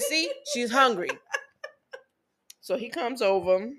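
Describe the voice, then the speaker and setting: Unhurried and given to long pauses, a woman in her thirties with a slightly high voice tells a story while co-hosting a casual podcast chat. She's animated and acts out what her kids and ex said.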